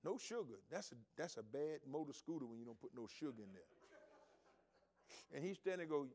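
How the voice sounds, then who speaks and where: A man preaching a sermon to his congregation, moving between loud emphatic points and quiet asides, with folksy storytelling and repeated phrases. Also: a little high, big pitch swings, fast talker. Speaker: pastor.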